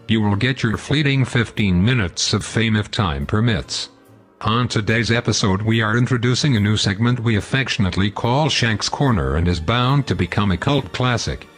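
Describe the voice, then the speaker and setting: A man's voice: lowish voice, normal speed, breathy edge, soft background music. A man hosting a scripted comedy show, pompous, long-winded and sarcastic. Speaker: host.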